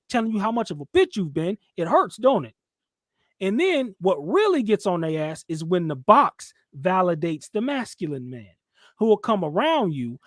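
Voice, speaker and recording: In a heated commentary chat, a podcast host with a high-sitting voice lectures and preaches, hammering his points with heavy emphasis. He mimics people in squeaky, mocking voices, and the recording is close and dry.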